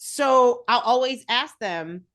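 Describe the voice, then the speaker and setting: Woman wellness coach, somewhat high voice, blunt and lively, casual podcast guest. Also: slow pace. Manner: frank and animated, quotes her clients.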